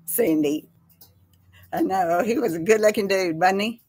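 A woman's voice: medium pitch, unhurried, a little mellow, a little hiss or hum. A middle-aged woman with a Texas accent, chatting casually with viewers on a live stream and calling them y'all. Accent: Texan. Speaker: host of a live chat.

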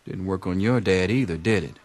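An actor playing a dry middle-aged teacher who speaks wryly and matter-of-fact. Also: male voice, sits low, fairly quick, lightly acted.

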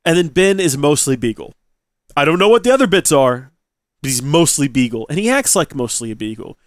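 A man's voice: a little high, brisk, no room sound. A man hosting a let's play, telling a rambling story from his recording desk at home. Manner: chatty, rambling, rising excitement in anecdotes. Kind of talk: casual storytelling to viewers.

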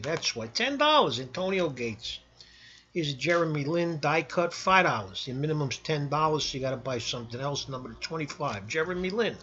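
Man, casual sales pitch, blunt and salty, higher voice, lo-fi home video. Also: bright, forceful tone. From New York. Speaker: sports card seller.

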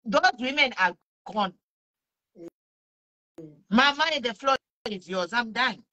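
Earnest Zambian woman, bright voice. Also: on the high side, expressive, slow pace, highs cut off. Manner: earnest, pleading, switches languages mid-sentence. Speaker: speaker sharing testimony. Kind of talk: personal testimony mixing English and Bemba.

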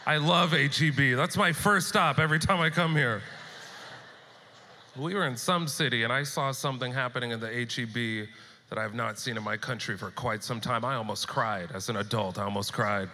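A man from San Diego performing an animated stand-up comedy set, acting out quotes as he tells stories. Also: mid-range voice, moderate pace. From San Diego, California. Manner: animated, punchy storytelling with acted-out quotes. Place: stage at a live comedy show. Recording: live venue with long reverb, faint noise.

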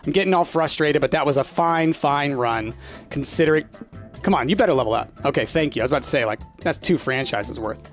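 A gaming channel host gives frantic, exasperated solo commentary over a cooking game, calling out "y'all" as he goes. His fairly high voice is brisk, with soft music playing in the background.

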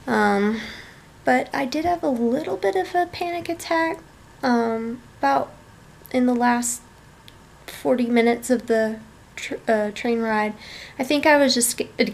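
A woman's voice: on the high side, vocal fry. Tired, chatty young woman vlogging. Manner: chatty, tired, self-deprecating asides. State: tired and yawning. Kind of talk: casual vlog, hotel room tour. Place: small hotel room, indoors.

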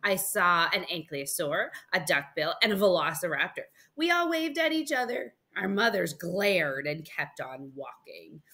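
A woman reads a picture book aloud to children, her voice lively and leaping up and down in pitch. Her tone is bright and clear. She reads with playful storytime energy. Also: normal speed, hardly any pauses. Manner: animated and expressive, with gasps and playful asides.

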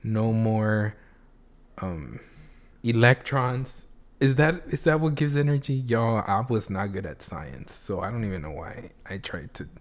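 A man making a reaction video at home, talking straight to his viewers and breaking into loud exclamations and cheers. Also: on the low side, lively intonation, a little slow. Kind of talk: excited reaction commentary. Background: faint music playing.

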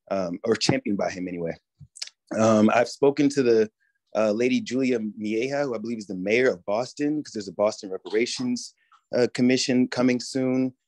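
A man giving a public comment at a town meeting, speaking hesitantly with many pauses and fillers. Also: fairly low pitch, darkish tone, no echo.

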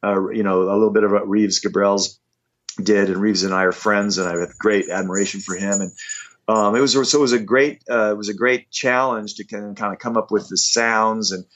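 A man in his fifties telling animated, self-deprecating stories in a casual interview. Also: lowish voice, fairly quick. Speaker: rock musician guest. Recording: dull lo-fi audio.

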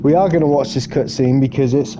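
A young man hosting his own gaming channel, giving an excitable let's play commentary with plenty of swearing and shrieks when things go wrong. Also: medium pitch, fairly quick, background noise. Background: game music.

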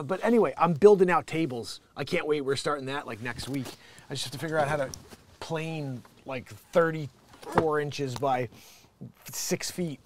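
A man's voice: a little high, a little hiss or hum. A man hosting his own show, ranting comically from a home studio, rambling, profane and laughing often. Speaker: show host. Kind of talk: ranting comedic commentary.

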